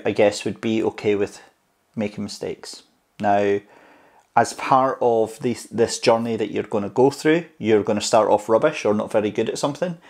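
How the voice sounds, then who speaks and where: A man's voice: on the low side, gravelly, a little mellow. Chatty man giving on-camera tips. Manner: chatty and encouraging, speeds up and slows down for emphasis. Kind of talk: casual advice vlog. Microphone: clip-on mic on camera tripod.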